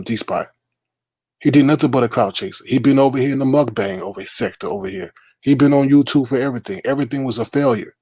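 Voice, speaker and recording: Blunt profane livestream host, dry sound. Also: male voice, mid-range voice, a little mellow, no room sound. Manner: blunt, profane, calling people out. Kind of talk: casual livestream rant.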